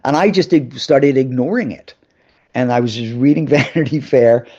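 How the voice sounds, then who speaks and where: A man's voice: mid-range voice, normal speed, darkish tone, muffled recording. A man, a guest actor, telling anecdotes in a live interview and acting out the voices of the people in his story.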